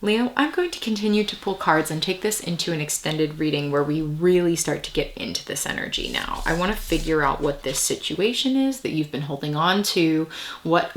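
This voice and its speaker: A woman with a lowish, gravelly voice giving a relaxed tarot reading. She muses aloud and wanders between thoughts, sometimes dropping into soft whispered asides. Her tone stays casual and direct to the viewer. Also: slight background noise. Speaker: tarot reader.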